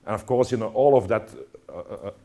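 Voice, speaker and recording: A man's voice: on the low side, brisk, warm tone. A man lecturing to students, talking with many fillers and restarts and checking in with "all right?". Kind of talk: university lecture.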